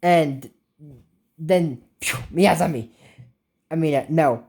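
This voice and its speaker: A woman's voice: low voice, animated, normal speed, warm tone. A young woman casually recapping a cartoon episode, rambling with filler words and making little whooshing sound effects. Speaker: show recap host.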